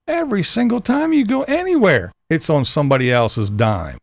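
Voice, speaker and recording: Gravelly, animated ranting man. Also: high-pitched, fairly quick, few pauses, dry recording. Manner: profane, exasperated ranting. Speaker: channel host. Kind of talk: ranting vlog monologue.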